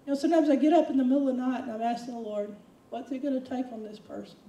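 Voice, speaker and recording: A woman preaching a sermon, animated, acting out quotes with big swings of voice. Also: high-pitched, very fast, reverberant, recorded from a distance, highs cut off. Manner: animated, dramatic quoting with voice swings.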